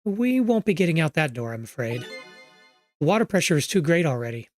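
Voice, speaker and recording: A streamer voicing a calm, composed young woman, explaining things plainly in a lowered, soft voice. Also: a little fast, faint music behind, natural voice.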